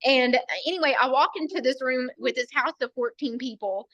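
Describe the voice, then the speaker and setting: A woman's voice: sits high, brisk, fairly bright tone, dry recording, lo-fi sound. A woman earnestly telling a personal story on a team call, acting out what others said to her. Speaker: team member sharing a story.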